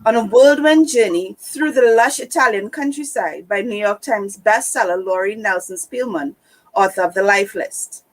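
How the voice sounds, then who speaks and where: A woman's voice: mid-range voice, normal speed, low-quality recording. Woman reading aloud. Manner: reads steadily, fixes slips. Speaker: book club co-host. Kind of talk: reading a book blurb aloud.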